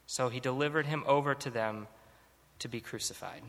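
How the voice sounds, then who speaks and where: A man giving a measured, steady reading of scripture. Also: medium pitch. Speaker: scripture reader. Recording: long hall reverb.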